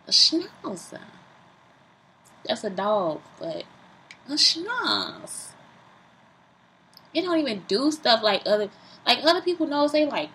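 A woman talking casually and profanely into her phone camera, lively, self-mocking and rambling. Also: a little high, slight background noise, rough recording. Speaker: vlogger. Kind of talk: casual vlog monologue.

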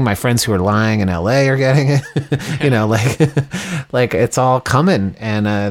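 A man rambling in casual podcast chat as a guest, full of fillers and restarts. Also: mid-range voice. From Milwaukee. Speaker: podcast guest, band musician.

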